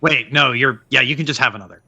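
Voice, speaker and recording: A man running a tabletop game as game master, narrating in a relaxed, halting way. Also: medium pitch, creaky, no echo, lo-fi sound.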